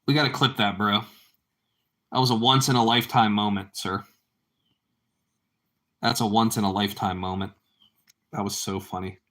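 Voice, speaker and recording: Bright-voiced casual streamer guy. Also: on the low side, fairly even intonation, moderate pace, pauses often. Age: adult parent. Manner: rambling, repetitive, calls viewers bro. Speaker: livestream host. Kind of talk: casual livestream chat with viewers.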